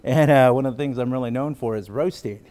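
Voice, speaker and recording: A man's voice: medium pitch, fast talker, a little mellow. A man from the Gila River area of Arizona doing stand-up comedy and then talking in an interview, chatty and full of fillers. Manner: chatty, many fillers, laughs between jokes. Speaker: comedian, guest.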